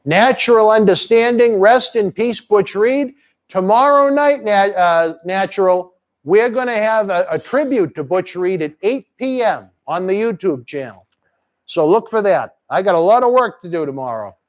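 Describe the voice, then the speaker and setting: A high-voiced man hosts a live chat stream with brash energy. He plugs upcoming shows in quick promotional patter and slips into crude teasing. His tone is loud and playful. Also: animated. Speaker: host.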